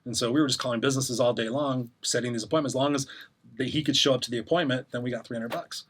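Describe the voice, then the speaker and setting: A man's voice: medium pitch, steady tone, racing, fairly bright tone, a little hiss or hum. A middle-aged man, a podcast guest, candidly telling his story in casual interview talk and acting out the voices he quotes.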